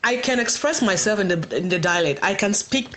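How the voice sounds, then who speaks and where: A woman's voice: mid-range voice, lively intonation, brisk, a bit bright. A woman hosting a livestream for a community group, explaining things patiently and reading viewer questions aloud. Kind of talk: live Q&A on a Facebook stream.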